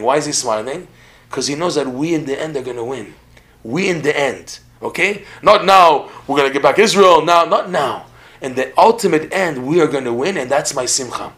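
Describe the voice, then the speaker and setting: Animated man teaching on a podcast. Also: fairly high pitch, normal speed. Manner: animated, repeats words, laughs while telling stories. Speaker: religious teacher. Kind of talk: podcast lecture in conversation.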